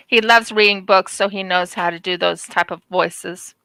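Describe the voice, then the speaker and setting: A woman chatting casually as a crafting collab guest, speaking slowly with a lively, often laughing manner. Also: medium pitch, gravelly, smooth, no room sound, poor audio. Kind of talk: casual chat on a video call.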